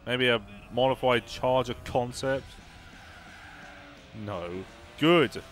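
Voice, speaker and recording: A man casually commentating on a racing game he is playing, chatty and sarcastic, reacting out loud to the race. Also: mid-range voice, lively intonation, measured pace, faint music behind. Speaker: gaming YouTuber.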